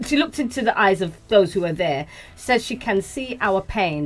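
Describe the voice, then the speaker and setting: Woman reading out viewer comments. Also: medium pitch. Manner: brisk, reading quotes aloud. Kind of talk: reading comments aloud on a live show.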